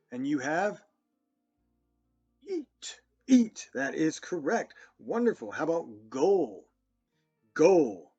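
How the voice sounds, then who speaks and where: A man teaching a children's phonics lesson, sounding out words slowly and praising often. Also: fairly high pitch, breathy edge. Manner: slow, encouraging, praising often. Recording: dull lo-fi sound with faint music.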